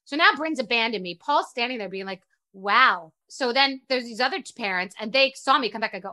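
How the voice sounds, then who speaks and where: A woman podcast host telling stories in a rambling, animated, self-deprecating way and swearing freely. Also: a little high, fast, few pauses. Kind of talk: casual storytelling monologue.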